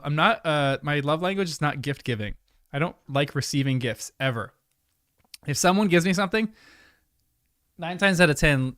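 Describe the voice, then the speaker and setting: A man's voice: mid-range voice, fairly bright tone, no room sound, studio quality. Chatty man hosting a casual livestream. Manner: rambling, chatty and apologetic. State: chewing food at times. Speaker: livestream host. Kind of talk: casual chat with live viewers.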